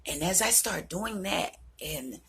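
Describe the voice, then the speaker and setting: Breathy, low-voiced woman in her thirties. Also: animated, takes it slowly, fairly bright tone. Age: 30s. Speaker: vlogger. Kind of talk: personal reflective vlog talk.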